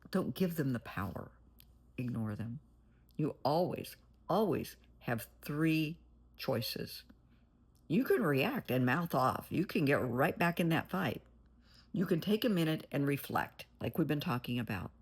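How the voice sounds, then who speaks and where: A woman's voice: very deep voice, husky. A woman therapist giving blunt, plain-spoken advice in a monologue, calling the listener "honey". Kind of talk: motivational monologue.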